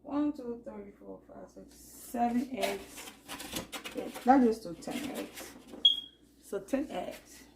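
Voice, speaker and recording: Slow-talking woman cooking. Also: a little high, creaky, heavy background noise. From Liberia. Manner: chatty, narrates each step while cooking. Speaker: cooking vlogger. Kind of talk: casual cooking chat.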